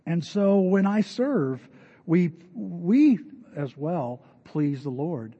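A man's voice: high voice, expressive, slow, mellow, breathy edge. An older man preaching a sermon in a conversational, storytelling way, addressing a church congregation. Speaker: pastor. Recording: dull lo-fi recording with long hall reverb.

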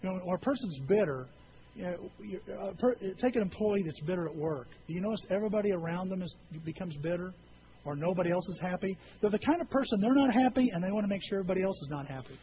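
A man's voice: high voice, fast talker, dull audio, slight background noise. A male pastor preaching a sermon in a church, earnest and conversational, with frequent rhetorical questions.

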